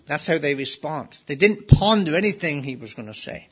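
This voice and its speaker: A man's voice: on the high side, lively intonation, normal speed, hardly any pauses, sharp tone, breathy edge. A man preaching an expository sermon, emphatic, acting out quoted lines with rising intensity. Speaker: pastor.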